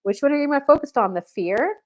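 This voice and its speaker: A woman spiritual coach tells a story on her livestream and speaks of herself in the third person. She acts out each quoted person, so her voice jumps up and down with plenty of energy. Her voice sits a little higher than most women's. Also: lively intonation, brisk.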